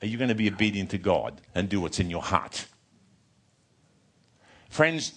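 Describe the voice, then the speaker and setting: An older man preaching a sermon, telling a personal story in an animated way, often restarting and repeating words. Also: low voice, normal speed, pauses often.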